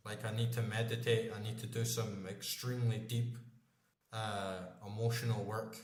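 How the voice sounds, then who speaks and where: A man's voice: lowish voice, flat delivery, moderate pace. A man in his forties, a gaming channel host, chatting casually in a rambling, emphatic way and swearing constantly. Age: 40s. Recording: echoey room.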